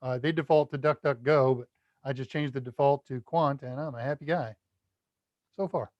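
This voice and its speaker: A man's voice: mid-range voice, steady tone, normal speed, dry recording, muffled recording. A man from the United States hosting a casual live Q&A stream, chatty and self-deprecating, reading out viewer comments and laughing at his own jokes. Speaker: livestream Q&A host.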